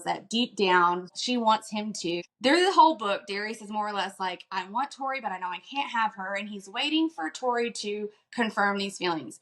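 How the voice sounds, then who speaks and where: A woman with a fairly high voice recaps a novel for a podcast audience. She talks in a casual, animated way and drops into a lower, faster voice for quick paraphrased quotes. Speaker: podcast co-host.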